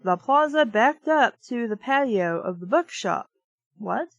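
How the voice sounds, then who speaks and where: A woman's voice: a little high, lively intonation, measured pace, dry recording, highs cut off. Sarcastic woman reading a novel aloud. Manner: sarcastic, swearing asides. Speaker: book reviewer reading aloud. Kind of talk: mocking read-aloud of a novel.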